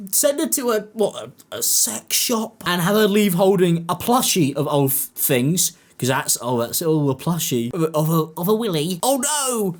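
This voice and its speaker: A man giving sarcastic commentary, mocking and animated, often jumping into high-pitched impressions. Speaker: commentary YouTuber.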